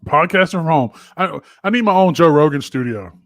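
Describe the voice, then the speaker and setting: A middle-aged man co-hosting a podcast from his home office, telling crude stories in an animated, swearing way. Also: a little high, a little fast, dry recording. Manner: profane, animated storyteller. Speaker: podcast co-host. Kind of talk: casual chat.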